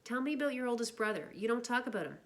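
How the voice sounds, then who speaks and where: A woman voicing a poised, insistent teenage girl in a book reading, lifting her voice higher for the part. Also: animated, rapid-fire. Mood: curious. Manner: higher, urgent voice.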